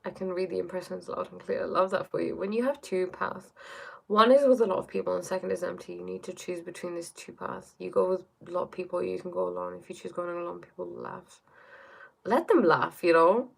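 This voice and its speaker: A woman's voice: on the low side, fairly quick, vocal fry, breathy edge. A woman hosting a casual live stream from her bedroom, reading chat aloud and musing reflectively, often checking in with "right?" and "you know?". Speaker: livestream host reading chat.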